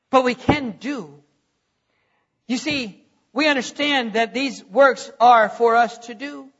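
High, lively preacher in a reverberant church. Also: male voice. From Texas. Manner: animated, jokey, acts out mocking voices. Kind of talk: sermon. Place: church sanctuary. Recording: dull sound with long hall reverb.

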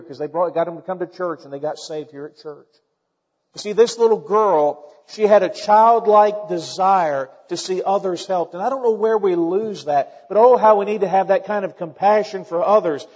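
A man's voice: high voice, darkish tone, long reverb tail, dull audio. A man preaching a sermon as pastor, emphatic, his voice rising with exclamations. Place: church.

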